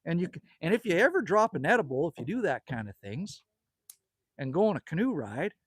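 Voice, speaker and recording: A man's voice: a little high, very animated, fairly quick, breathy edge, dry recording. A man, hosting a casual outdoor livestream and rambling in a friendly way while reading viewer comments. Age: 50s. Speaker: livestream host. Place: outdoors at a country cabin at sunset.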